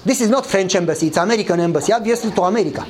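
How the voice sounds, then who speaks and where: A pastor races through a sermon story in English at a very fast pace, his grammar non-native, voicing the dialogue with lively pitch changes. A faint crowd and a little hiss or hum sit behind the low-quality recording.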